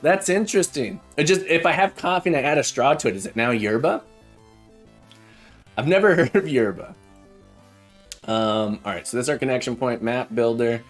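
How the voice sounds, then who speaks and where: Friendly man thinking aloud while coding. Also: mid-range voice. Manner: halting, full of fillers and restarts; friendly, chatty with viewers. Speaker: live coding streamer.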